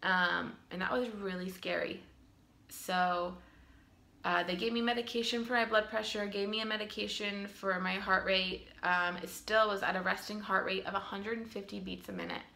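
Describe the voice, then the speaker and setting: A woman's voice: medium pitch, fairly even intonation, moderate pace, creaky, sharp tone. A woman in her twenties earnestly telling her own birth story at home, with frequent ums. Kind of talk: casual storytelling to camera. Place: home room.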